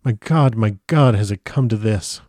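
A man's voice: on the low side, moderate pace, mellow, no echo, clean studio sound, lightly acted. A man voicing a frantic young husband who cries out and pleads with urgent alarm.

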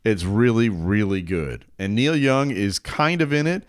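Podcast co-host, man, deep smooth voice, dry close mic, casual rambling delivery. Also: expressive, unhurried, no echo. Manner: rambling, loose, many fillers. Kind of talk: casual chat.

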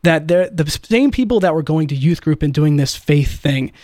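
A man's voice: a little high, expressive, moderate pace, a little mellow, dry recording, studio quality. A man in his twenties from the United States, a guest earnestly recounting his faith story in casual conversation, with frequent "uh" fillers. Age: 20s.

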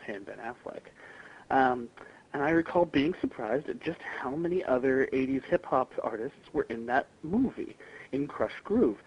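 A man's voice: medium pitch, slightly rough, dull audio. Rambling man leaving a fan voicemail. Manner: rambling, many ums and restarts. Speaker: listener calling in with a voicemail. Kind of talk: casual recorded voice message.

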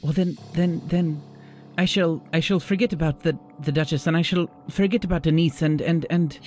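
A man's voice: fairly high pitch, steady tone, normal speed, pitched above the performer's own voice, natural voice. A game master voicing a nervous, clingy male artist who stammers on nearly every word and gets frantic. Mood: pleading. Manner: constant stammering, rising to frantic yelling.

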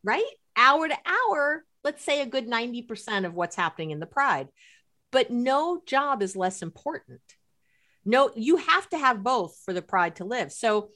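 A middle-aged woman from New York City, a couples therapist telling stories in a podcast conversation and acting out what people said. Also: on the high side. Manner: animated storyteller who acts out quotes.

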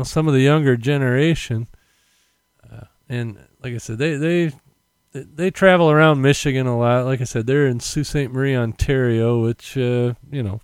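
A man's voice: medium pitch, darkish tone, clear, resonant tone, no room sound, clean studio sound. A man hosting his own podcast, talking casually and meandering with many fillers into a condenser mic. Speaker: podcast host. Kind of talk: casual rambling monologue. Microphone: condenser mic with headphones.

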